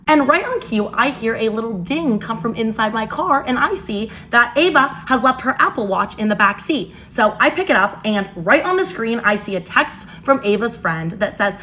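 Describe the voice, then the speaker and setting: Bright, high-voiced young woman telling a story. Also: normal speed, hardly any pauses, slight background noise. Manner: animated, exasperated storytelling. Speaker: vlogger. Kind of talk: storytime while doing makeup.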